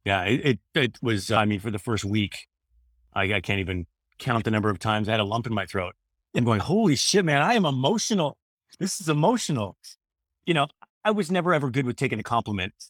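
A man's voice: fairly low pitch, expressive, fast, fairly bright tone, dry recording, studio quality. A man in his thirties talking casually as a guest, earnest and rambling, often restarting his sentences. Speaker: guest, former radio host. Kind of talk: casual conversation.

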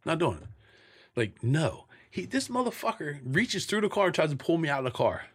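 Husky-voiced man telling blunt, profane stories. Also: fairly high pitch, fairly quick. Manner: profane, blunt, animated storyteller acting out scenes. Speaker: interview guest. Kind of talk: candid storytelling in a sit-down interview.

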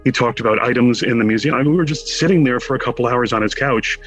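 A man from Connecticut, a guest in an interview, telling a lively anecdote with wry humor and acting out the quotes. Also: medium pitch, quick pace, faint music behind, poor audio. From Connecticut, USA. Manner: animated storyteller who acts out quotes with wry humor. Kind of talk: casual anecdotal storytelling.

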